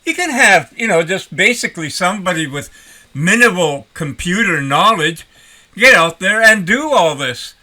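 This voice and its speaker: Retired older guy vlogging, rambly folksy talk, kinda high voice. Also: expressive, moderate pace, bright, forceful tone. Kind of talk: casual vlog talk.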